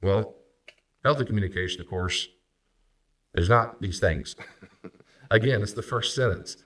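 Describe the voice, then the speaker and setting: Deep-voiced pastor. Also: male voice, fairly bright tone, far from the mic. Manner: acts out spouses' lines in quick shifting voices. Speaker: pastor and counselor. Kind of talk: recorded teaching talk on marriage.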